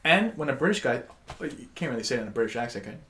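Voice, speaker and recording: A young man co-hosting a podcast, joking crudely and trying out loud silly voices. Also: mid-range voice, big pitch swings, rapid-fire. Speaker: podcast co-host. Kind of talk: casual chat.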